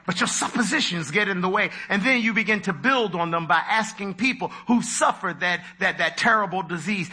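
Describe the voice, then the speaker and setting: A man preaching a sermon with dramatic delivery, acting out voices with big leaps in pitch. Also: normal speed, few pauses, sharp tone, husky.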